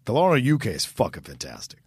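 Animated, profane man chatting about movies. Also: on the low side, racing, husky, no room sound, studio quality. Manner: profane, animated, mimics voices. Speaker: podcast co-host. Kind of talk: casual chat.

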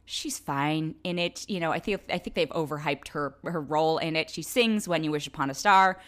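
A woman's voice: sits low, moderate pace, fairly bright tone. A woman giving a casual spoken film review, candid and exasperated.

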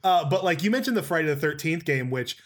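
A man's voice: fairly high pitch, animated, fast, a bit bright. A man co-hosting a podcast, chatting in an upbeat, enthusiastic way. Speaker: podcast co-host. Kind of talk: casual interview.

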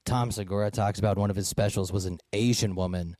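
Crude, animated podcast host; mellow, dry close sound. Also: male voice, fairly low pitch, fast talker, no room sound. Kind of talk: casual chat.

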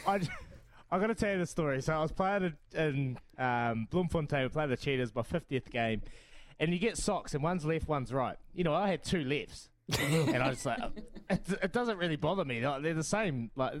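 A slightly higher-voiced man hosts a radio show. He banters easily, laughs often and tells stories. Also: expressive, normal speed. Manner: jokey, laughing, storytelling.

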